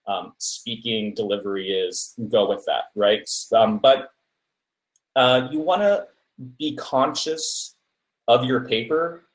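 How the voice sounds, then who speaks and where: Man giving speaking tips in a roomy echo. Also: mid-range voice. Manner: many fillers and restarts, asks "right?" often. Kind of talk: casual advice talk.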